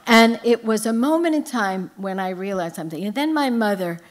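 An older woman tells humorous stories from her life with lively, anecdotal timing. She speaks as a guest author at a live book event. Her voice sits at an ordinary middle pitch. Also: brisk. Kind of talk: storytelling on stage.

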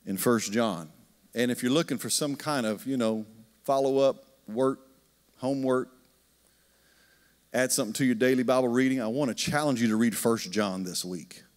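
A man's voice: mid-range voice, normal speed. A man, preaching a conversational sermon and telling stories while asking the congregation questions. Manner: storytelling, animated, asks the congregation questions. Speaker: pastor. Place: church sanctuary. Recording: long hall reverb.

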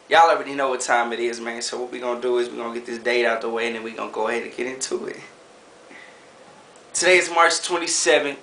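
Young male amateur rapper, bright forceful voice, cocky casual freestyle. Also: medium pitch, a little fast, gravelly, roomy sound. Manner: boastful, slangy, laughs between bars. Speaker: amateur rapper hosting his own web show. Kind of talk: casual freestyle rap vlog.

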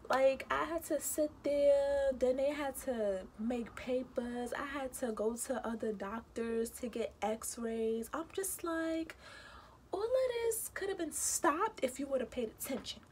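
A young woman with a high, bright-pitched voice tells a personal story straight to her viewers. She talks in a lively, indignant way and acts out the people in it. A faint hiss of noise sits under the recording. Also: measured pace. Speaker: vlogger. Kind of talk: casual storytime.

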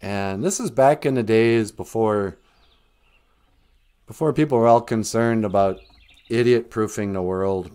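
A man's voice: on the low side, a little slow, pauses often, darkish tone, clear, resonant tone. A middle-aged man telling a story in a casual, chatty way, chuckling often and restarting his phrases.

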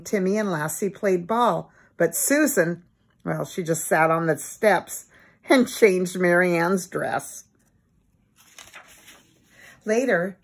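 An older woman hosting a bedtime story show, chatting warmly and reading a children's book aloud. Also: on the low side, breathy edge. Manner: chatty, homely, reminiscing asides. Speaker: storyteller host.

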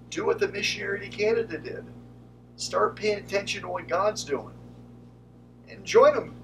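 A man's voice: a little high, far from the mic, low-quality recording. A man preaching a conversational sermon to his congregation as pastor.

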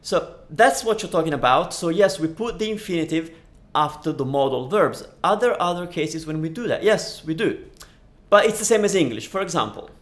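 A man's voice: fairly high pitch, lively intonation, normal speed. A man teaching a language lesson on a live stream, chatting and answering viewers' questions at a studio microphone. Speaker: Italian teacher.

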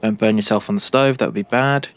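Talking at a quick pace, a young British man gives playful commentary on a game and addresses its characters directly. His voice is fairly low with a steady tone, and he makes gaming videos for YouTube.

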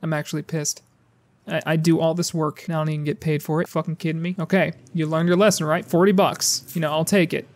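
A man's voice: fairly high pitch, level tone, quick pace. Man, gameplay commentary, sarcastic, profane, jokey. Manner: profane, sarcastic, jokey, talks to the game characters. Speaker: gaming YouTuber.

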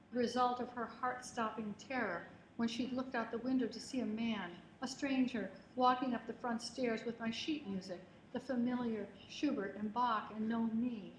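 A woman reads her own literary prose to an audience in a measured, expressive way, lingering on phrases. Her voice sits a little high. The sound carries the echo of a roomy hall over a faint hiss from the livestream. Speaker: author giving a public reading. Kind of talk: literary memoir reading. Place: lecture hall at a reading event.

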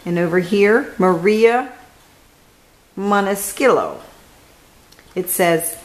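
A woman hosting a children's reading show, reading a picture book aloud in a gentle, careful way. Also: mid-range voice, animated, takes it slowly, rough recording. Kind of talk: storybook read-aloud.

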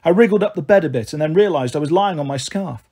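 A man reads a children's novel aloud in a steady, gentle delivery. His voice sits a little high and has a husky edge. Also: quick pace. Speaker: storyteller.

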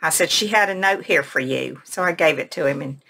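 A woman, a craft vlogger, casually telling a personal story in a soft, emotional way and retelling conversations word for word. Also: low-pitched, brisk, vocal fry, a little hiss or hum. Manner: rambling, retells conversations in quotes.

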